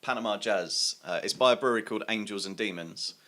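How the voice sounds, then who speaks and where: A man's voice: lowish voice, fast, sharp tone. A man, a guest on a podcast, chatting casually about names and beers and laughing easily. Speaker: podcast guest, beer seller. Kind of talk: casual chat.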